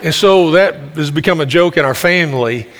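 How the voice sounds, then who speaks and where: A man preaching a sermon, telling stories in a loud, carrying voice with many restarts. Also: fairly high pitch, a little fast. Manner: folksy storytelling with frequent restarts. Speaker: pastor. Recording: long reverb of a hall.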